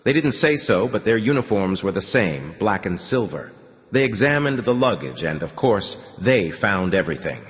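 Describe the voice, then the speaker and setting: A man reading an audiobook aloud in an expressive storytelling way. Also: fairly low pitch, normal speed. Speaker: audiobook narrator. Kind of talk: scripted narration. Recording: long hall reverb.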